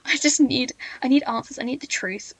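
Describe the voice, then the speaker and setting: A young British woman hosting a podcast, chatting casually in an excitable, giggly way. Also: high voice, fairly quick, crowd noise. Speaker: podcast host. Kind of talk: casual chat.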